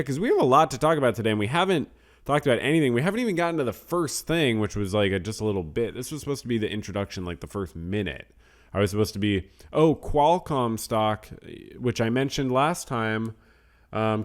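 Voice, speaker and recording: A young man with a fairly low voice hosts a podcast in loose, casual talk. He rambles, laughs at himself and lets asides fade into quiet mutters. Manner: rambling and self-deprecating, trailing off to mutters. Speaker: podcast host. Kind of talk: casual podcast talk, reading names and news.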